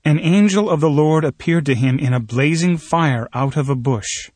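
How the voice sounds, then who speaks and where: A man reads scripture in a steady, measured way, his voice a little husky. He sits slightly high for a man. The sound is dry and close. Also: no room sound. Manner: steady, measured storytelling delivery.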